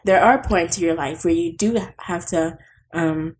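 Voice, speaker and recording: A woman's voice: on the low side, measured pace, breathy edge. A woman, a behavioral therapist guest on a podcast, talking in an emphatic, preachy way full of "you know". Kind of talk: casual conversation.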